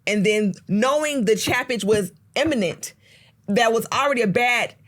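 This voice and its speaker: A woman's voice: on the high side, normal speed. Sassy, profane woman podcast co-host. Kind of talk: casual comedic chat.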